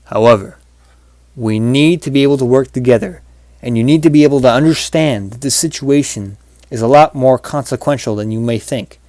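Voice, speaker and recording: A man's voice: medium pitch, brisk, dark tone, dry recording, close to an everyday voice. A man voicing a stern talking dog. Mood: solemn. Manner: solemn, commanding pronouncements. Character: upright talking male dog, stern and cryptic.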